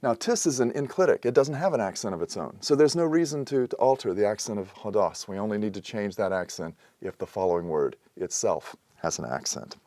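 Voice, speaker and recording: A man explaining a language lesson in a measured way, pausing often with "uh" as he works through examples. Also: lowish voice, animated, dark tone, no echo. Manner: measured, explanatory, with frequent "uh" pauses. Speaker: teacher. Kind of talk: recorded lecture.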